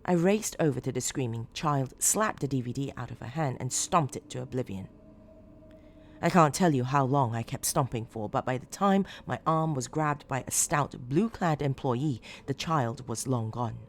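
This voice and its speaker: A woman reading a horror story as scripted narration, measured and low-key with dramatic emphasis. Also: lively intonation, slight background noise.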